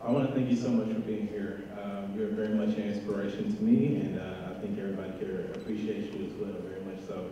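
A man's voice: on the low side, little pitch movement, quick pace, few pauses, mellow, a little hiss or hum. A young man in the audience asking a speaker a question in an earnest, polite way, in a large hall. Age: young adult. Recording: muffled, echoey hall from far off.

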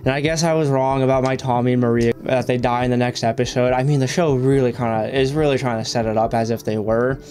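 A man's voice: mid-range voice, steady tone, fast talker, hardly any pauses, a little mellow, soft background music. A man hosting a reaction video, rambling in casual commentary, swearing often and filling his talk with "like".

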